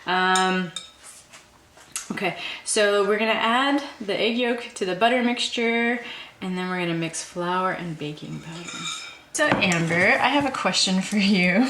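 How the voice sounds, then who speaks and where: A woman's voice: medium pitch, a little slow, fairly bright tone, slight background noise. A woman hosting a home cooking video, chatting in a giggly, upbeat way. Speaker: home cooking vlog host. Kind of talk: casual chat while cooking. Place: home kitchen. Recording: echoey kitchen with clattering dishes.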